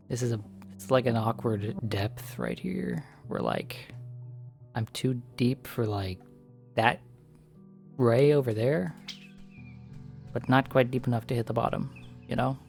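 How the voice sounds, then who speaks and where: A man's voice: medium pitch, expressive, slow, vocal fry, pauses often, a little mellow, soft background music. An American man streaming a fishing game, chatting casually and rambling through opinionated tangents. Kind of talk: casual gameplay chat.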